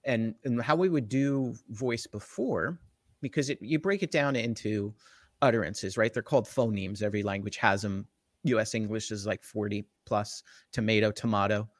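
Speaking at a normal speed with a fairly low pitch, this man from the Jersey Shore, USA, talks technology as a tech company guest in a relaxed interview. His New Jersey accent comes through, and he's animated, peppering his explanations with "right?" tag questions. The recording is dry and studio quality.

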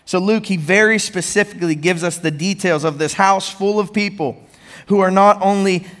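A man preaching a sermon as pastor, animated with rising emphasis and conversational asides to the congregation. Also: high voice, normal speed.

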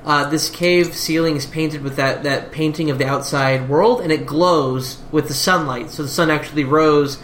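A man's voice: fairly high pitch, steady tone, normal speed, hardly any pauses, fairly bright tone, reverberant, a little hiss or hum. A man narrating as game master of a tabletop game, rambling with many restarts.

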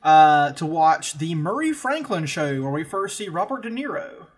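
A co-host chatting casually about a movie on a podcast. The voice sits at a middle pitch, and the delivery is wry, dry and full of sardonic asides and casual swearing. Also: very animated, normal speed, breathy edge. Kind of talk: casual film recap chat.

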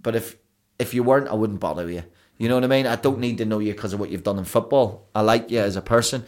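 Guy, lowish voice, chatty podcast guest, rambles through stories with lots of restarts. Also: fast talker. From Belfast, Northern Ireland. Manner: rambling, animated storytelling with restarts. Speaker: broadcaster and DJ guest. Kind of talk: casual podcast chat.

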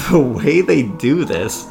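A man's voice: mid-range voice, sing-song, slow pace, creaky, a little mellow, soft background music. A man hosting a podcast, telling a story in a loose, jokey way with lots of filler words. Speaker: podcast host. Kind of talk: casual storytelling chat.

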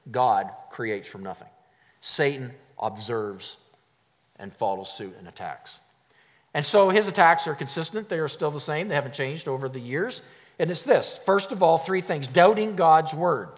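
Emphatic preacher in a reverberant hall. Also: male voice, medium pitch, animated, a little slow. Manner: emphatic, repeats key phrases, chuckles. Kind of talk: sermon.

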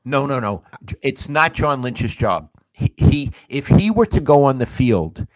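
An older man co-hosting a sports podcast, talking casually in a measured way, asking questions and summing up points. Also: medium pitch, very animated, no room sound. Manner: measured, asks questions and sums up.

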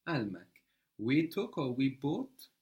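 A man teaching a language lesson, prompting a learner and repeating answers slowly and patiently. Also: medium pitch, very animated, darkish tone, dull audio.

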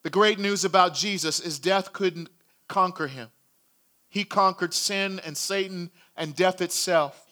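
A man giving a sermon, retelling a story dramatically with acted shouts and hushed passages. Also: high-pitched, measured pace. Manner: dramatic storytelling, acting out crowd shouts, dropping to a hush. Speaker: preacher.

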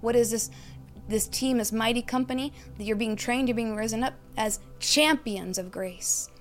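A woman preaching a reflective sermon, teaching through questions and lists and dropping to a hushed tone at key phrases. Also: fairly high pitch, moderate pace.

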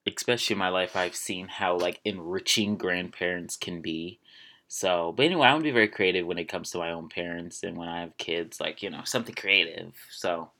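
A man's voice: low voice, fairly quick, pushed and bright. A man in his twenties hosting a casual solo show, rambling along with jokey asides. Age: 20s. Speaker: podcast host.

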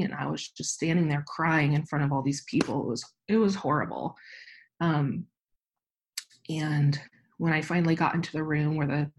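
Low husky woman telling a personal story. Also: a little mellow. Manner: candid, rambling, with frequent fillers. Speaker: podcast guest.

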